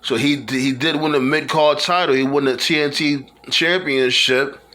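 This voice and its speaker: A man's voice: on the high side, steady tone, moderate pace, bright, forceful tone. A man talking casually in a loose, rambling monologue, full of fillers and restarts. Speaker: wrestling fan vlogger.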